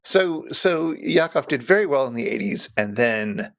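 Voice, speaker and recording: A man in his forties co-hosting a podcast in casual comedic chat, reading jokes with a deadpan delivery. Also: medium pitch, a little slow, gravelly, no echo, studio quality. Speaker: podcast co-host.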